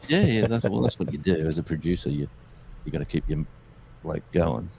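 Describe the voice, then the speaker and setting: A man's voice: a bass voice, expressive, brisk, creaky, mellow, a little hiss or hum. A man, telling stories in a rambling, easygoing way as a guest on a chat show. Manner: rambling, easygoing, many fillers and restarts. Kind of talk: casual storytelling chat.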